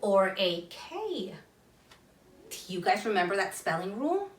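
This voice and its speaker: A woman teacher giving a phonics lesson to children, sounding out letters slowly and clearly and asking listeners to say the words with her. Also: mid-range voice, big pitch swings, roomy sound, recorded from a distance.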